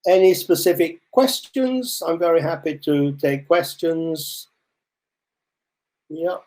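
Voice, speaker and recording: An older man presenting a webinar for learners, telling stories with lively, animated asides over a computer microphone. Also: fairly high pitch, slow pace.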